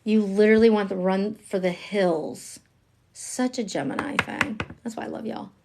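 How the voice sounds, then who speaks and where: A woman giving a live-streamed tarot reading, chatty and emphatic, dropping slang and swinging between hushed asides and excited outbursts. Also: mid-range voice, normal speed, creaky, noisy background. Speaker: tarot reader.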